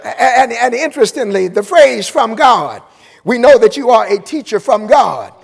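Preacher guy, real high gravelly voice, hollering slow in a big echoey church. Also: big pitch swings, some chatter behind. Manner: impassioned, shouting, drawn-out phrases. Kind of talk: sermon. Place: church sanctuary. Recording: long reverb in a large hall.

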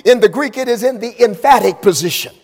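A man preaching an impassioned sermon in a church, shouting and stretching out his phrases. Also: sits high, expressive, a little fast. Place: church sanctuary. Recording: long reverb in a large hall.

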